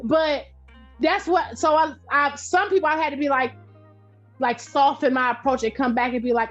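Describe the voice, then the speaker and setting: A middle-aged woman talks as a podcast guest in a loud, direct, animated way, spinning stories with easy laughter. Her voice sits high. The recording sounds a bit dull and lo-fi. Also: normal speed, soft background music. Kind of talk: casual interview chat.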